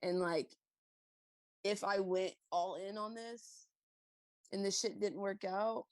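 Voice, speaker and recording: A woman's voice: medium pitch, fairly even intonation, takes it slowly, dry recording. A woman guest on a podcast, talking in a candid, reflective way with lots of fillers. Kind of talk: casual conversation.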